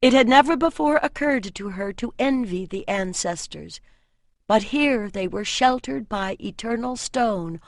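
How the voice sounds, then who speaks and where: Slow, measured woman audiobook narrator. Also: a little high, animated, no room sound, clean studio sound.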